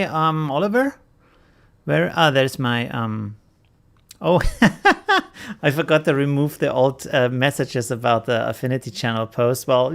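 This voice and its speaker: A man's voice: mid-range voice, vocal fry, fairly bright tone. A man with a German accent hosting a casual live stream, greeting viewers by name and chuckling often.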